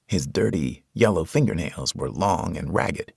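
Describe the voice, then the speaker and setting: A man's voice: sits low, lively intonation, unhurried, creaky, darkish tone, slightly rough, no echo, clean studio sound. A man narrating a horror audiobook in the first person, with dramatic storytelling.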